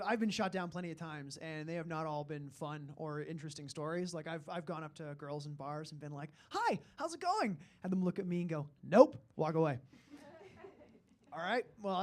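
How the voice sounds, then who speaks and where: Self-deprecating young man doing stand-up. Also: sits high. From Alberta, Canada. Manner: self-deprecating, rambling with frequent filler. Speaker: stand-up comedian. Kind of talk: stand-up comedy set.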